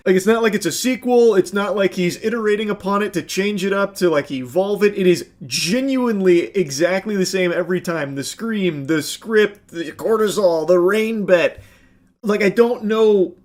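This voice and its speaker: A man's voice: high-pitched, moderate pace, a little hiss or hum. A man giving sarcastic, profane reaction commentary on prank videos, mocking what he watches. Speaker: commentary YouTuber.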